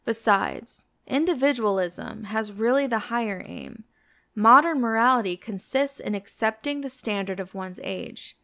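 A woman's voice: a little high, sing-song, unhurried, creaky, a bit bright, full character voice. Woman reading a languid cynical aristocrat. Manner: languid, epigrammatic.

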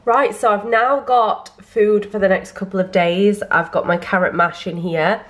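A young woman vlogging casually, chatting on in a rambling, giggly way. Her voice sits at an ordinary middle pitch. The sound has the ring of a small echoey room. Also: steady tone, moderate pace, slight background noise. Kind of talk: casual vlog chat to camera.

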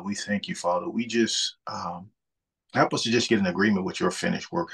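A man leading a spoken prayer and chatting on a group call, fervent and repetitive, with filler pauses. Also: sits low, gravelly, a bit bright, slightly rough. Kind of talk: spoken prayer and casual chat. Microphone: group call audio.

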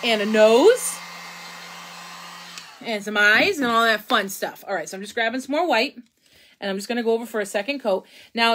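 A woman's voice: a little high, fairly bright tone, slight background noise, rough recording. A woman, hosting a casual live painting tutorial, chatty and rambling as she talks to viewers while she works at home. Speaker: craft live-stream host.

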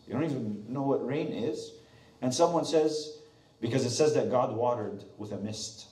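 A male pastor preaching a sermon, animated and questioning the congregation. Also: mid-range voice, roomy sound, far from the mic. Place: church sanctuary.

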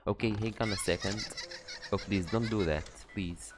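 A man's voice: lowish voice, moderate pace, background noise. A sleepy man playing a horror game, reading its dialogue aloud and swearing and joking between lines. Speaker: let's player. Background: game music.

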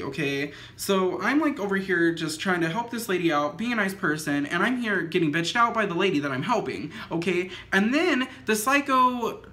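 A young woman telling a story in a casual vlog, filling nearly every phrase with "like", swearing freely and acting out what people said. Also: medium pitch. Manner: says "like" constantly, swears freely; animated retelling with acted quotes. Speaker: vlogger.

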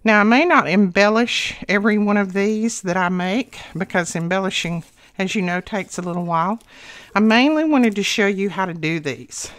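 A woman's voice: medium pitch, normal speed. A woman hosting a casual craft tutorial, talking to viewers as she works and a little out of breath. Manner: chatty, talks to viewers while working. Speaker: craft channel host.

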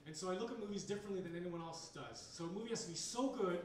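A man's voice: high-pitched, racing, a little mellow, slight background noise. Rambling man doing stand-up in an echoey bar. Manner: rambling, hesitant delivery with many fillers. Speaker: stand-up comedian. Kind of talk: stand-up comedy set. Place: bar comedy night. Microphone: handheld recorder in the audience. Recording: echoey bar room from far off.

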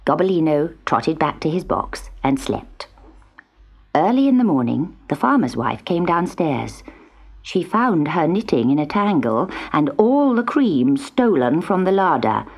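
A woman narrating a children's storybook tape in a gentle, expressive way. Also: sits low, a little slow.

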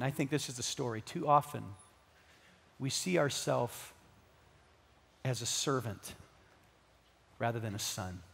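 A male pastor with a Southern Californian accent preaching a sermon in a large church, swinging between loud, fervent stretches and soft, hushed ones. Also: medium pitch, vocal fry. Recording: echoey church hall with long reverb.

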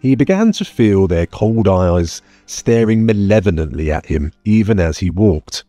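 Deep, slow-reading male audiobook narrator. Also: no room sound, faint music behind. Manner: measured, expressive storytelling. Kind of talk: scripted narration.

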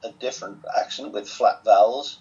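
A man's voice: on the low side, moderate pace, dark tone. Older man with a Southwest Lancashire accent. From England. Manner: chatty, wry, self-amused. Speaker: interview guest. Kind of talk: relaxed storytelling. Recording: dull lo-fi sound.

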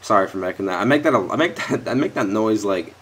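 A man's voice: lowish voice, animated, quick pace, fairly bright tone, slightly rough. Frustrated young man swearing at a game. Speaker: gaming YouTuber. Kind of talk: live gameplay commentary. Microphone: headset or desk mic close to mouth.

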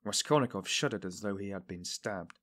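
Male audiobook narrator, low pitch, measured and even. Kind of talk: scripted narration.

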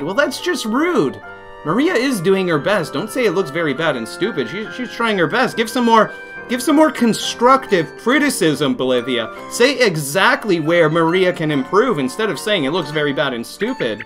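A man's voice: high voice, big pitch swings, normal speed, fairly bright tone, soft background music. A man giving comedic let's play commentary, reading game text aloud and reacting with laughs and playful mock outrage. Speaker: gaming commentator.

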